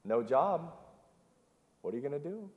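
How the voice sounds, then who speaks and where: A man's voice: on the high side, sing-song, normal speed, lo-fi sound. A man preaching an interactive sermon, repeating the congregation's answers and telling the story with animation. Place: church sanctuary. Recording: long church hall reverb.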